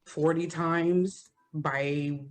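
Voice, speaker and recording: Woman, very low voice, slow, country-sounding, slightly hoarse, casual guest chat. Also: steady tone. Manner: unhurried, country-sounding speech.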